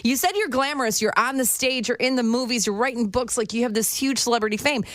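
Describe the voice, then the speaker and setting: A woman's voice: a little high, quick pace, fairly bright tone, dry recording, clean studio sound. A woman co-hosting a radio show, asking questions with enthusiasm and laughing easily. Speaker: radio co-host. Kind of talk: radio interview.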